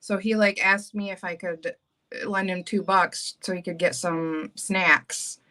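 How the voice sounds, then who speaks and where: A woman chatting casually and breaking into laughter as she tells stories about a coworker. Her voice is bright and forceful, and she talks in a loose, animated way. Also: on the low side, unhurried. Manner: laughs often, animated and giggly. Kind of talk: casual storytelling chat.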